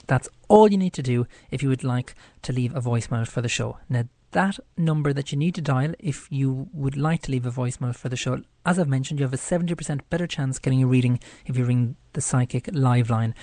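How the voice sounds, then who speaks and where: A man's voice: mid-range voice, fairly quick, hardly any pauses, warm tone, dry recording. A man with an Irish accent hosting a live radio show, talking in a chatty, rambling way. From Ireland. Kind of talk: casual live radio talk.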